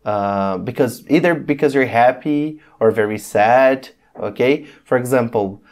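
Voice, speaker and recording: An English teacher hosts a casual lesson, explaining patiently, checking in with "okay?" and pausing on many ums. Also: medium pitch, darkish tone. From Brazil. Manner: patient, repeats "okay?" often.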